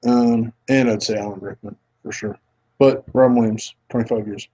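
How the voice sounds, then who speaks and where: A man's voice: mid-range voice, steady tone, normal speed, warm tone, slightly rough, dull audio. A man hosting a casual film podcast, rambling and earnest, often restarting his sentences. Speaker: podcast host.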